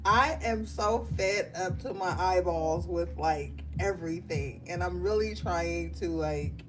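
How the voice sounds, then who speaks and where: A woman's voice: fairly low pitch, slow. A woman tarot reader chatting casually and bluntly on a livestream, swearing and laughing often. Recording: music playing behind.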